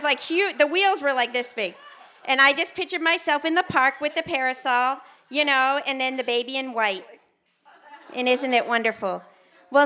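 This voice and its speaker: Animated American woman telling a story. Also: a little high. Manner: animated, self-mocking, acts out quotes. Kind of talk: live storytelling on stage. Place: theater stage before an audience.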